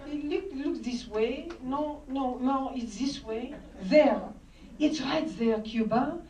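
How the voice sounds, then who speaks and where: A woman voicing her proud, bossy mother with a French accent, giving brisk commands. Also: high voice, a little mellow, reverberant, recorded from a distance, a little hiss or hum, rough recording.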